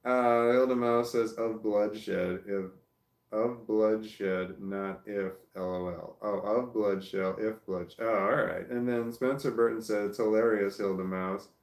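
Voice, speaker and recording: Southern man, fairly low voice, casual comment-reading vlogger, rambling and stop-start, roomy echo. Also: fairly even intonation, slow, vocal fry. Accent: Southern American. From American South. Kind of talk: casual livestream chat.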